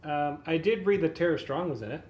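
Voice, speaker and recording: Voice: mid-range voice, brisk, darkish tone, a little hiss or hum. Podcast co-host in a roomy space. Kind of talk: casual chat.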